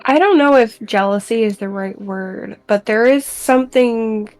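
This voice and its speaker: A woman playing a tabletop game, narrating her character's feelings in a slow, hesitant and reflective way with frequent ums. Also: fairly high pitch, a little mellow, soft background music. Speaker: player.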